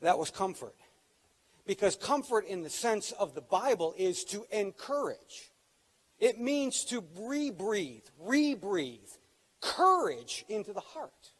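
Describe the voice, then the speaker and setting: A man's voice: sits high, big pitch swings, slow pace. A middle-aged man, a pastor, preaching a sermon in a conversational way, lifting his voice when he quotes scripture.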